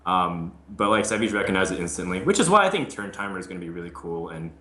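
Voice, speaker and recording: A man chatting on a gaming panel, animated and talkative, slipping into quick impressions of others. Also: deep voice, echoey room. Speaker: Hearthstone caster. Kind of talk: casual panel chat.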